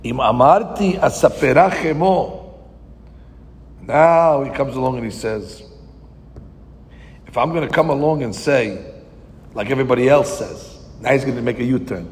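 A man giving a verse-by-verse Torah class, reading Hebrew lines slowly, then translating and explaining them with rhetorical questions. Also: medium pitch. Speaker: Torah teacher. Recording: long hall reverb.

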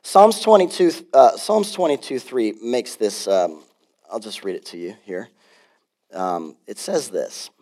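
A man pastor preaching a sermon in an animated, conversational way, with frequent asides. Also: lowish voice, measured pace.

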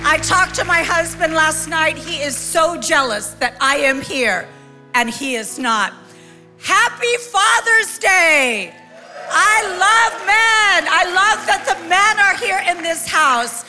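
A woman in her sixties giving a lively, joking live sermon as a guest speaker, calling out to the congregation in a large church. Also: extremely high pitch, slow, soft background music. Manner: lively, joking, calls out to the crowd. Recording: long hall reverb from a live church.

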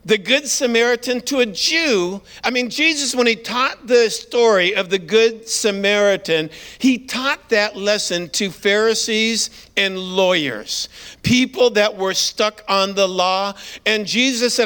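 A man preaching as a guest pastor, telling Bible stories in an animated way and acting out the characters. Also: sits high, a little slow, clear, resonant tone. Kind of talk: sermon.

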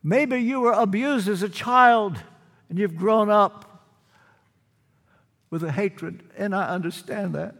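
An older man delivers a sermon in earnest, repeating phrases for weight. His voice sits high and unhurried. A long reverb trails each phrase through the hall. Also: vocal fry, fairly bright tone. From United States. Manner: earnest, dramatic pauses and repetition. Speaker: preacher.

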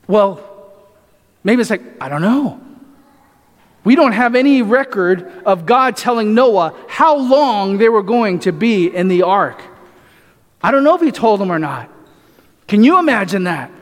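Male pastor, sermon, high voice, rhetorical questions to the congregation, reverberant hall. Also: expressive, measured pace. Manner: asks the congregation rhetorical questions, often adds "right?".

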